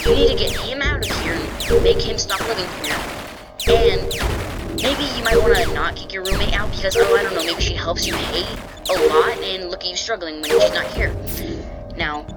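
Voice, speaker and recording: A woman's voice: on the low side, close to an everyday voice. A woman voicing a stern middle-aged apartment manager who lectures a tenant firmly. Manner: firm, lecturing.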